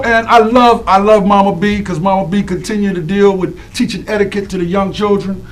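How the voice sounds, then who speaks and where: A man honoring community women in lively, preacherly shout-outs to an audience, drawing out names and calling for responses. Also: sits high, rough recording. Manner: preacherly call-and-response, animated, drawn-out names.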